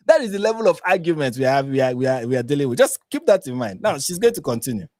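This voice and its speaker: Animated Nigerian man reacting live. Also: medium pitch, fairly quick, no echo, clean studio sound. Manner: exasperated, repetitive, emphatic. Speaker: reaction channel host.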